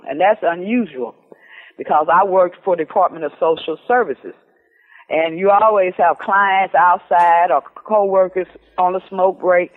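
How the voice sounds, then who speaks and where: Middle-aged woman, casual storyteller on a phone line, lively, acts out dialogue, lots of fillers. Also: on the low side. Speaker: lottery winner telling her story. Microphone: telephone.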